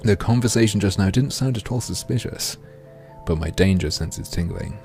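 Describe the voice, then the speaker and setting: A man's voice: fairly low pitch, moderate pace, darkish tone, faint music behind. A man narrating and commenting on a video game with sardonic, crude asides. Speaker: let's play host.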